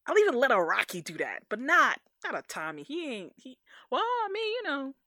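A woman in casual podcast chat, animated and slangy, often acting out characters' lines. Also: high-pitched, brisk, no echo, studio quality. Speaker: podcast co-host.

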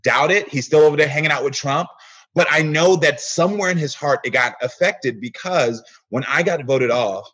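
A man's voice: a little high, moderate pace, fairly bright tone, slightly rough. A man talking earnestly as a guest in a casual interview, acting out the exchanges he recounts. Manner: earnest storyteller, acts out quoted exchanges.

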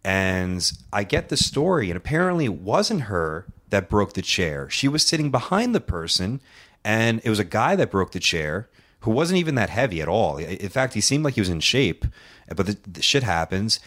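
A man with a deep voice tells a long, rambling story on a casual podcast. He acts out what other people said and swears freely. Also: very animated, moderate pace, a bit bright. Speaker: co-host telling a story.

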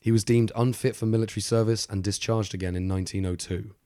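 A man's voice: fairly low pitch, steady tone, quick pace, dark tone, no room sound, clean studio sound. A man co-hosting a true-crime podcast, telling the story in a chatty, laughing way with lots of fillers. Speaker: podcast co-host.

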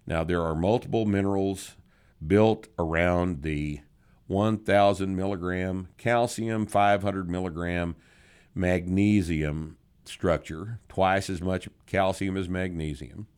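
A very deep-voiced man hosts a podcast and answers listener questions. He is blunt and sardonic, swears freely, and stretches out words to make his points. His talk is casual and unpolished. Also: darkish tone, smooth. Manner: blunt, profane, sardonic, with drawn-out emphasis.

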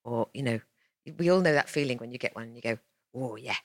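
A woman's voice: extremely low pitch, quick pace, no echo, clean studio sound. A woman actress on a festival panel, talking hesitantly and correcting herself as she recalls things. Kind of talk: panel discussion.

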